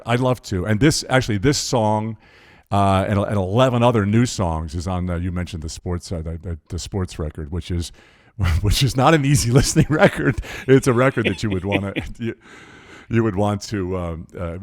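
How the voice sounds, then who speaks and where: A man's voice: deep voice, moderate pace, no echo, clean studio sound. A man talking casually from his home as a guest on a call-in interview, stammering a bit and laughing as he tells stories. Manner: animated storyteller, laughs and stammers. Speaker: guest composer.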